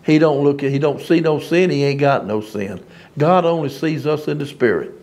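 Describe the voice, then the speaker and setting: A man's voice: a little high, normal speed, a little mellow. A man preaching an informal sermon, folksy and emphatic, often laughing at his own lines.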